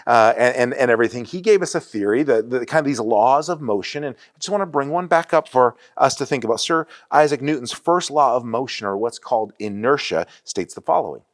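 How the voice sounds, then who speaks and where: A man in his forties preaching a sermon in a church, telling stories in an animated way with frequent restarts. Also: medium pitch. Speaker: pastor. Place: church sanctuary.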